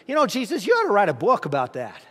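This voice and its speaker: Folksy high-voiced pastor in a reverberant church. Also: male voice, huge pitch swings, quick pace, fairly bright tone, breathy edge. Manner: folksy, asks the congregation questions. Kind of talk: conversational sermon. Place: church sanctuary.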